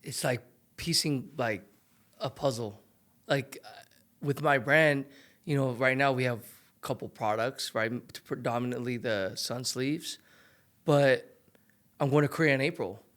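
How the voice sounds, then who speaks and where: A man's voice: mid-range voice, unhurried, long pauses, fairly bright tone. Easygoing young man telling stories. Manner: loose, filler-heavy storytelling. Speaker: podcast guest, former pro golfer. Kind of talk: casual interview chat.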